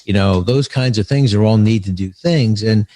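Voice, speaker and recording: A man's voice: lowish voice, normal speed, warm tone, no room sound, clean studio sound. A man being interviewed about leadership, earnest, telling stories with frequent restarts. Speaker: author and leadership speaker, guest. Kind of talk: conversational podcast interview.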